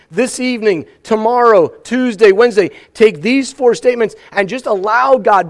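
A man with a high voice delivers a sermon from the pulpit. He preaches with animated energy and breaks into small acted scenes to bring scripture to life. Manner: animated, acts out scripture with exclamations. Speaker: pastor.

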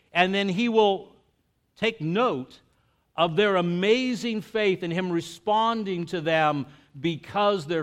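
A man preaching a sermon in a conversational, animated way. He often breaks off and restarts his sentences. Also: high voice. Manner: conversational and animated, with frequent self-interruptions and restarts. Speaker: pastor.

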